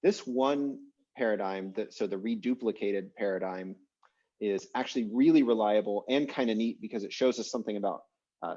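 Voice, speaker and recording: Relaxed low-voiced man teaching online. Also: highs cut off. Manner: relaxed, chatty explaining with many fillers. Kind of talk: casual online class lecture. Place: home, online video class.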